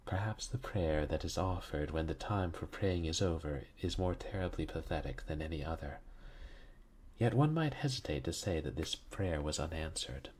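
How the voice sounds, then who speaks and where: Male reader, deep husky voice, slow solemn horror storytelling. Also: animated, a little mellow. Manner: slow, solemn, dramatic reading, voicing characters lightly. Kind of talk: reading a horror story aloud.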